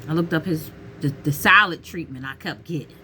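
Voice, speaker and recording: A middle-aged woman talking casually to camera with emphatic, expressive delivery, calling listeners honey and child and calling out to God. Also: sits low, fairly quick, a little hiss or hum. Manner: peppers talk with exclamations to God. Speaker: vlogger giving relationship advice.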